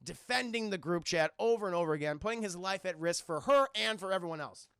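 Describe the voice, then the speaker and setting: A man streaming a casual scene-by-scene film recap to his live chat, animated and profane, acting out the characters' lines as he goes. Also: high-pitched, fast talker, creaky, smooth, no echo, studio quality.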